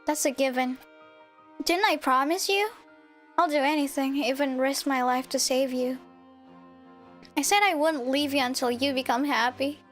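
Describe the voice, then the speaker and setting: A woman's voice: sits high, moderate pace, pauses often, close to an everyday voice. An earnest, protective young male hero, read aloud by a woman streamer. He speaks firmly and with determination. Faint game music plays under the voice. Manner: earnest, determined, firm promises. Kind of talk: visual novel read-aloud.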